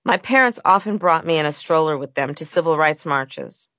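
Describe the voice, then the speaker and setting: A woman's voice: deep voice, lively intonation, fairly bright tone, no room sound, clean studio sound. Woman reading her own audiobook. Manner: measured, earnest reading. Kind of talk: audiobook narration.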